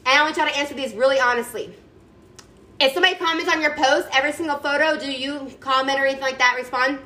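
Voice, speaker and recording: A woman's voice: high voice, fairly even intonation, fast, bright, forceful tone, poor audio. A woman giving her team a chatty, emphatic motivational pep talk over a video call, sassy and calling everyone y'all. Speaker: team leader speaking to her sales team.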